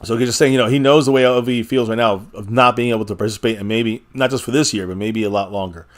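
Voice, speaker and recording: A man hosts a live fan stream, talking loosely and reading viewer comments aloud as they come in. His voice sits at an ordinary middle pitch, and he is energetic in the way of a regular sports chat host. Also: quick pace.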